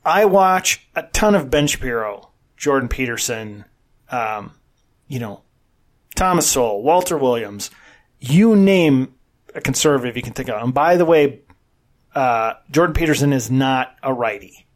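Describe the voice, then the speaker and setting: A man's voice: mid-range voice, animated, unhurried. A man co-hosting a podcast in casual chat, blunt and opinionated, swearing freely. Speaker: podcast co-host.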